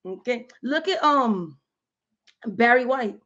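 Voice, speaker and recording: A chatty woman in her thirties talks casually from home on a live stream, slangy and full of "like" and "you know". Her voice sits a little high. The stream audio is dull and lo-fi. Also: takes it slowly. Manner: chatty, animated, slangy with many fillers.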